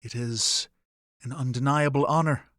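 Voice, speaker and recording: Calm, detached Fae man speaking in measured, formal phrases, as a male narrator puts him on. The audiobook voice is close and dry, with a middle pitch. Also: no echo, natural voice. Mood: remote.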